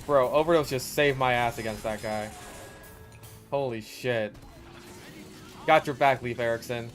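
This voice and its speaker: A man's voice: medium pitch, a little slow. Man, gameplay commentary, casual, profane, exasperated outbursts, faint background music. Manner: swears a lot, bursts into loud exasperated yelling. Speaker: gaming video creator.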